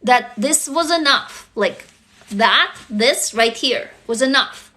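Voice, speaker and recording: Young non-native English-speaking woman, livestream host, confessional and direct, bright, fairly high voice. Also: lively intonation, slow pace. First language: not English. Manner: earnest, confessional, addresses viewers directly. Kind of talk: casual heartfelt livestream talk.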